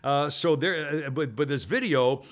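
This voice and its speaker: Rambling male podcast host. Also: on the high side. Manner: rambling, halting with many fillers and restarts; acts out quoted people in a raised voice. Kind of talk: casual news commentary.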